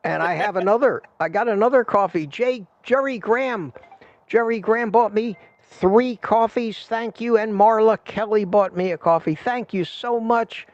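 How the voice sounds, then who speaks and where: The older man running this casual livestream has a high-pitched voice at normal speed, with no echo. He rambles and chats with his viewers like a salesman, and the stream audio sounds dull and lo-fi.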